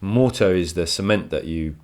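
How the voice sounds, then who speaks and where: A man's voice: deep voice, normal speed, darkish tone. A male teacher giving a recorded poetry lesson from home, enthusiastic and explanatory, often repeating words as he thinks.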